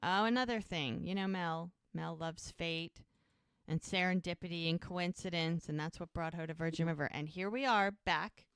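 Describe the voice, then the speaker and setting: A woman's voice: on the low side, moderate pace, a bit bright, smooth, no echo, clean studio sound. A woman co-hosting a podcast, casually retelling a TV episode and acting out the characters' lines. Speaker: podcast co-host.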